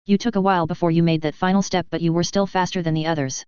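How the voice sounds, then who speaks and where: A narrator voicing a calm, level-headed young woman who speaks in a quiet, measured way. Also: mid-range voice, clear, resonant tone, no echo, highs cut off, natural voice.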